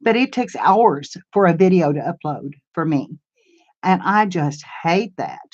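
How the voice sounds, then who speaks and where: An older woman hosts a crafts-channel live stream, answering viewers and chatting in a homey, rambling fashion. Her voice sits on the low side, animated but a little slow and slightly mellow. The camera-mic audio sounds dull.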